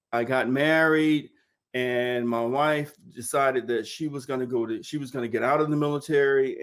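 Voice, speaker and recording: A man in his fifties from Mississippi, a nurse telling his life story in an oral history interview, acting out quoted dialogue over a video call. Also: mid-range voice. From Mississippi, United States.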